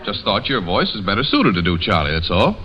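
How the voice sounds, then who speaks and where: A man hosting a 1930s radio comedy with quick, playful wisecracks. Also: fairly low pitch, very animated, highs cut off. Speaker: host.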